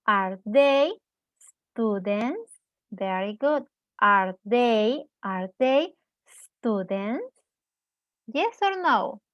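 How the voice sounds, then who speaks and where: A woman teaching English, who explains in Spanish, models sentences slowly and clearly, asks the class questions and praises their answers. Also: on the high side, expressive, no room sound, lo-fi sound. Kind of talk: slow, deliberate classroom explanation.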